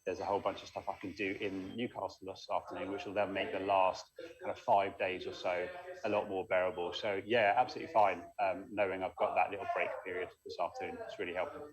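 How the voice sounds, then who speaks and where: Fast-talking low-voiced man. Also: flat delivery, crowd noise, low-quality recording. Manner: chatty, quick, upbeat. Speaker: long-distance cyclist. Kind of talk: casual remote interview. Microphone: phone call.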